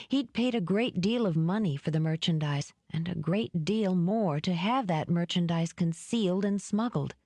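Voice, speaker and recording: A woman narrating an audiobook in a measured, even manner. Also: on the low side, no echo, studio quality. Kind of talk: scripted narration.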